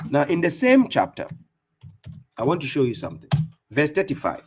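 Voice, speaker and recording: A man's voice: on the high side, wildly swooping pitch, moderate pace, pauses often, husky. A man giving fierce, mocking religious commentary as an Islamic debater and streamer, speaking with heavy emphasis.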